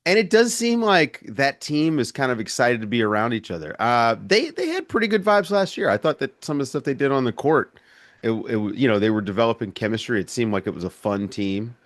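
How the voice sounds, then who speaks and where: Lively-voiced man co-hosting a podcast. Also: medium pitch, no echo, clean studio sound. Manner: halting, lots of fillers and restarts, chuckling reactions. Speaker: podcast co-host. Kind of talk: casual sports chat.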